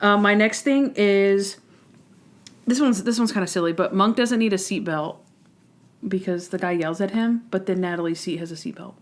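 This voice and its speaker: A young woman talks casually as a podcast co-host. She is animated and breaks into quick acted-out quotes, often restarting her sentences mid-thought. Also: mid-range voice. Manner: animated, quotes people in voices, trailing restarts. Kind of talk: casual chat.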